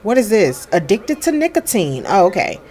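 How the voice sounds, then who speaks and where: A woman's voice: mid-range voice, very animated, normal speed, a little mellow. A woman giving casual, sassy commentary while she plays a life-sim game. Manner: chatty, sassy, amused. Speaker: game streamer.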